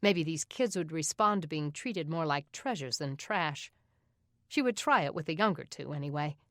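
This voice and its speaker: A woman narrating an audiobook in an even, steady reading voice. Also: low voice, moderate pace, dry recording, clean studio sound. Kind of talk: scripted narration.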